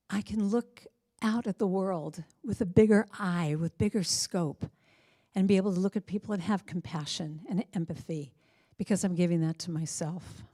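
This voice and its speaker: An American woman giving an inspirational Sunday talk in a church sanctuary, earnest and conversational, telling stories with quick asides. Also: mid-range voice, mellow, dry recording, clean studio sound.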